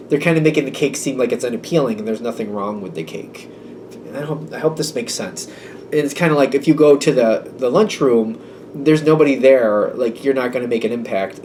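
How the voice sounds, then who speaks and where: A man talks through a tarot reading in a loose, rambling way, slipping into little quoted exchanges as he thinks aloud. His voice sits at an ordinary middle pitch. A faint background noise sits under the recording. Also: darkish tone. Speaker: tarot reader.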